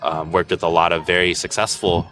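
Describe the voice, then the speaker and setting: A man's voice: low voice, flat delivery, a little fast, a bit bright, faint music behind. A young man, a musician guest, chatting casually and easygoingly with frequent fillers and laughter. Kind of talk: casual conversation.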